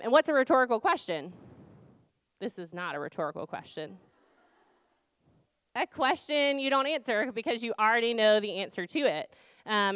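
Woman in her thirties, campus ministry leader, chatty Bible talk, lots of ums, smooth clear voice, dry close sound. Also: mid-range voice, fairly bright tone, no room sound. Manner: conversational, many um fillers, rhetorical questions. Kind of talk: informal Bible talk to students.

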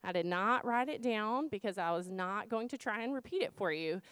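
A woman's voice: medium pitch, expressive, moderate pace, fairly bright tone, smooth, no echo. A woman in her thirties, a campus ministry team leader, giving an informal Bible talk to students, conversational with many fillers and rhetorical questions.

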